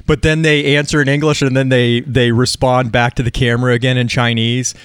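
A man's voice: mid-range voice, level tone, a bit bright, clear, resonant tone, no echo, clean studio sound. Man telling rambling stories, restarting often. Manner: rambling, halting storyteller with many restarts. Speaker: podcast co-host. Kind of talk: casual chat.

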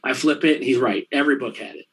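A man telling a profane anecdote in casual chat, laughing often and acting out the other people's lines in quick, rambling bursts. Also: mid-range voice, fairly bright tone, husky, poor audio. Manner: quick, rambling delivery with fillers. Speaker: storyteller in a conversation.

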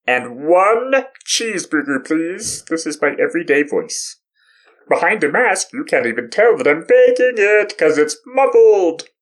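Squeaky, goofy high-voiced guy ordering fast food, a man putting it on, strained falsetto, very far from his own low voice. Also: big pitch swings. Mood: mock-polite. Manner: exaggerated high falsetto put-on.

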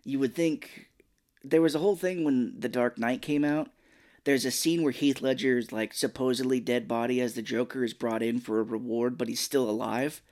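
A man co-hosting a podcast, chatting casually about a film, rambling and animated. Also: medium pitch, moderate pace. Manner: rambling, animated, does mock voices of film characters. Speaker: podcast co-host. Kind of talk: casual movie review chat.

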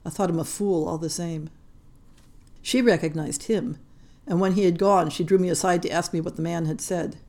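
A woman's voice: lowish voice, steady tone, moderate pace, warm tone. Woman reading a story. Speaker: podcast story reader. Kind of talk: scripted narration.

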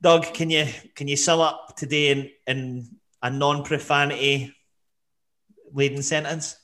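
A man's voice: fairly high pitch, flat delivery, measured pace, pushed and bright. A man hosting a football podcast, chatty and jokey, with frequent fillers and restarts. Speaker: podcast host. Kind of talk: casual podcast chat.

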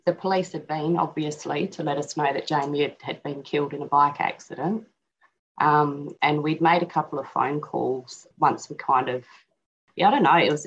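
A middle-aged woman telling a personal story as an interview guest, halting and reflective, with frequent restarts. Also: sits low, husky. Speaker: guest and author. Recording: dull lo-fi audio.

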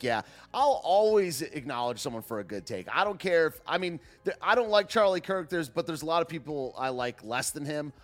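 A man's voice: a little high, expressive, moderate pace, few pauses, soft background music. A man rambling through casual live commentary with many fillers and restarts. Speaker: political commentary streamer.

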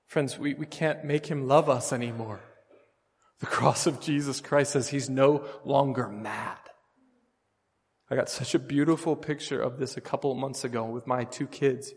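A pastor preaching a sermon, earnest and storytelling, with emphatic bursts. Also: male voice, mid-range voice, steady tone, normal speed, big-room sound.

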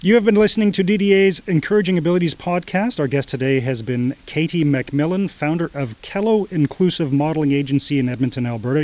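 A man's voice: fairly high pitch, mellow. Affirming man hosting a podcast interview. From Canada. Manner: affirming, with short agreeing interjections. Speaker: podcast host.

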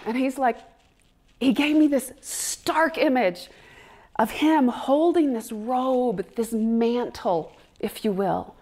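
A woman's voice: a little high, slow, darkish tone. A woman giving a candid personal testimony of faith to a class, blunt and frank, with laughter mixed into earnest talk.

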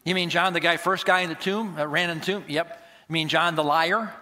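A man putting on a blunt, abrupt apostle who challenges every claim with quick questions. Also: a little high, fairly even intonation, pushed and bright. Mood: challenging.

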